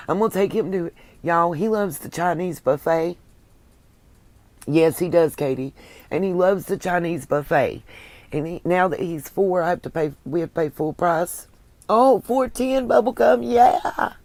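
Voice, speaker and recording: A woman with a Southern US accent hosting a casual livestream, chatting warmly and thanking viewers by name. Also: lowish voice, dry recording. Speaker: livestream host reading viewer comments. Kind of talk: casual chat.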